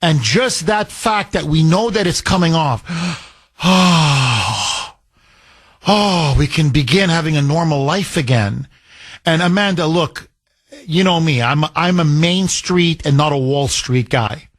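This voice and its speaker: A man's voice: fairly high pitch, takes it slowly, no echo. Emphatic middle-aged male radio host. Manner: animated, emphatic, rambling. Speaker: radio talk show host. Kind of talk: talk radio, taking calls. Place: radio studio.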